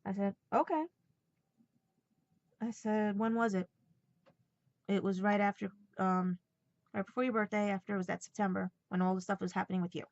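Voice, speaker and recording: A woman talks straight to the camera in a casual vlog. She tells a personal story with feeling and rambles a bit, acting out both sides of a conversation. Her voice sits at an ordinary pitch, and the recording sounds dull, dry and lo-fi. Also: flat delivery, fairly quick, a little mellow, dry recording. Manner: emotional, rambling retelling full of quoted dialogue. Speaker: vlogger.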